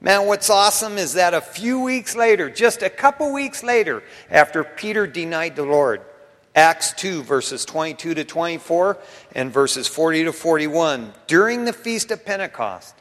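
A man's voice: fairly high pitch, expressive, normal speed. Dramatic preacher man, long hall reverb. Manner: dramatic, swinging from loud emphasis to near-whispers; casual slangy delivery. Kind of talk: sermon.

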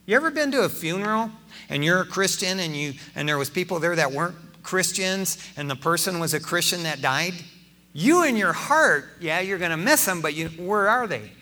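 An older man preaching a sermon to his church in an animated, folksy way, dropping "man" into his sentences. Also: high-pitched, normal speed. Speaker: pastor.

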